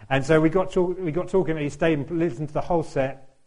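A man telling a lively anecdote, laughing often and acting out what other people said. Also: fairly quick, slight background noise. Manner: animated, laughs often, acts out quotes in a higher voice. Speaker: tuba player telling a story. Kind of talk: anecdotal storytelling.

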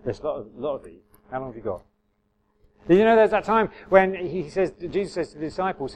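A man's voice: a little high, lively intonation, brisk, a little mellow, slight background noise, rough recording. A man giving an informal sermon, chatty and self-correcting, with wry asides to the congregation. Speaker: preacher. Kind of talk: informal sermon with audience interaction.

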